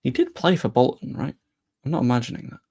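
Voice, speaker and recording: Young male streamer, mid-range voice with noticeable vocal fry, casual rambling chat delivery. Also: mid-range voice, quick pace, warm tone. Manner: rambling, chatty, self-deprecating asides. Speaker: football channel streamer.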